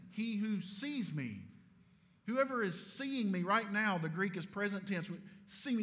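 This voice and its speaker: A man preaching a sermon emphatically, asking rhetorical questions and dropping his voice low at the ends of phrases. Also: fairly bright tone.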